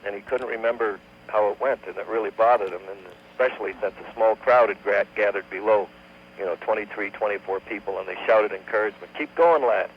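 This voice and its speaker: A low-voiced man spins a long, unhurried joke as a radio guest, sometimes humming a few notes of the tune. The sound is dull and lo-fi, as on an old AM broadcast, with a faint hum underneath. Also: little pitch movement. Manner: unhurried joke-telling with sung bits. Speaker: comedian guest. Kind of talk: radio talk show storytelling.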